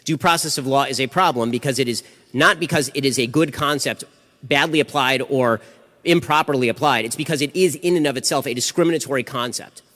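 A man answering audience questions in a rapid-fire, argumentative way, with frequent restarts. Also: mid-range voice, fairly bright tone. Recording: reverberant hall.

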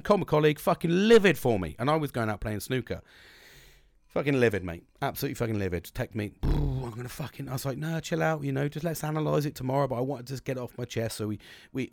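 Sweary rambling man, gravelly. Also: mid-range voice, no echo. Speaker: podcast host. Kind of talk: casual ranting monologue.

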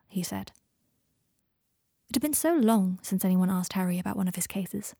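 A woman narrates a story as an audiobook in an even, measured manner. Her voice sits at a middle pitch, and the recording is dry and close. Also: slightly rough, no echo. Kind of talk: audiobook reading of fan fiction.

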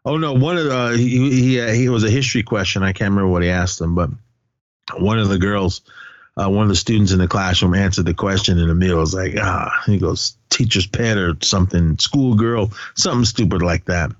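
Low-voiced man rambling through a movie recap. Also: steady tone, fast, dry recording, dull audio. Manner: rambling, self-correcting, many fillers. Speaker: podcast co-host. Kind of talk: casual movie plot recap.

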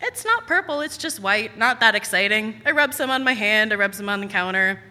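A young adult woman telling a personal story on stage, animated and self-mocking with quick asides. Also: medium pitch. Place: stage at a live storytelling event. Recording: reverberant hall.

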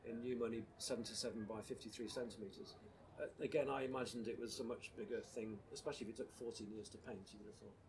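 A man hosting a show, presenting facts in a dry, measured way. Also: lowish voice, steady tone, slight background noise. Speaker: host.

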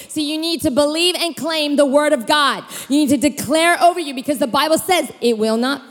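A woman preacher in her thirties telling personal stories in an animated sermon, acting out voices and leaping in pitch. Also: fairly quick, hardly any pauses. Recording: long hall reverb.

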